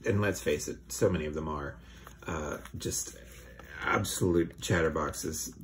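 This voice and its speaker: A man's voice: rumbling low, measured pace, slight background noise. A man hosting a comedy show, reading a children's book aloud with dry, sardonic asides.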